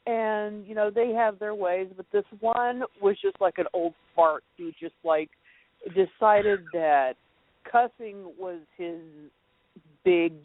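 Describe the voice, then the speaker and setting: A woman's voice: medium pitch, fairly even intonation, slow pace, dry recording. Middle-aged woman caller, rambling and chatty, over a tinny phone line. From North Carolina. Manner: rambling, chatty, laughs while telling stories. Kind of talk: call-in storytelling.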